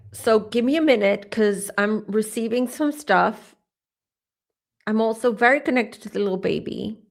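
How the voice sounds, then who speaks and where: A woman giving a psychic tarot reading to camera, speaking conversationally with many asides, and saying openly that she is getting emotional. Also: mid-range voice. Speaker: tarot reader.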